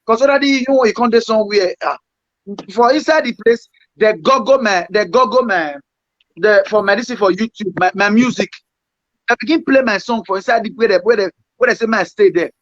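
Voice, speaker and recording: A man with a Nigerian Pidgin accent, a guest musician telling his story in a rambling, halting way. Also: high voice, a bit bright, no room sound, dull audio.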